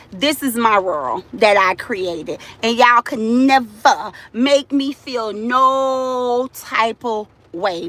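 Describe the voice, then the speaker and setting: An older woman ranting to her live-stream viewers. Her voice is high and bright, and it swings widely in pitch. She talks at an unhurried pace, loud, boastful and profane. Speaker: livestream host.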